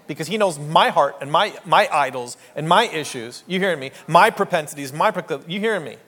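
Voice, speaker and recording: A man's voice: fairly high pitch, expressive, fairly quick, a bit bright, big-room sound. A man preaching a sermon as pastor, in a joking, conversational way with rhetorical asides. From Canada.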